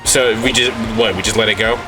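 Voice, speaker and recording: A man's voice: lowish voice, steady tone, fast talker, over music. A man streaming a game and chatting casually, joking around and swearing as he plays. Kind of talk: casual gameplay chat.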